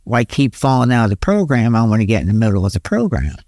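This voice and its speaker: A man's voice: sing-song, fast talker, darkish tone, no echo, studio quality. A middle-aged man telling his recovery story in a folksy, self-mocking way and often laughing at himself. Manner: folksy, self-mocking, quotes sayings in a deeper voice. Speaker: guest. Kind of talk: candid storytelling about recovery.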